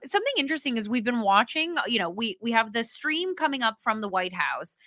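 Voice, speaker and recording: A woman's voice: fairly high pitch, big pitch swings, fairly quick, bright, forceful tone, no echo, studio quality. A woman co-hosting a live watch party, chatting casually and agreeably with plenty of fillers. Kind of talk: casual chat.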